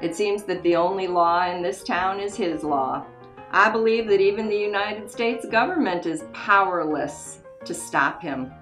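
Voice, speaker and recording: A woman's voice: mid-range voice, unhurried, fairly bright tone, echoey room, faint music behind, natural voice. A woman playing a friendly frontier saloon owner with a welcoming manner. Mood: earnest.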